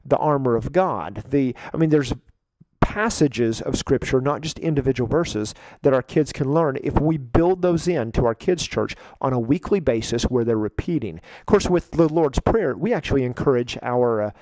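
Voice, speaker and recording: A man who trains children's ministry volunteers, explaining in a relaxed, conversational way and now and then acting out what he says to the kids. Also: medium pitch, moderate pace, no room sound, low-quality recording. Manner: conversational, acts out kids' church lines with a lively raised voice. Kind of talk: instructional talk.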